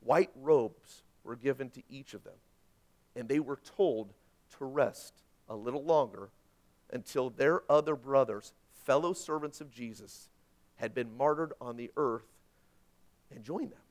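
A man preaching a sermon, swinging between quiet asides and loud, dramatic questions. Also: mid-range voice, a little slow. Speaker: pastor.

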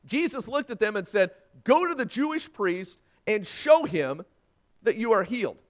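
A male pastor delivering a sermon in a high, lively voice that leaps across his range. He swings from loud emphasis to a hushed near-whisper and drops in folksy asides to the congregation. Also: moderate pace.

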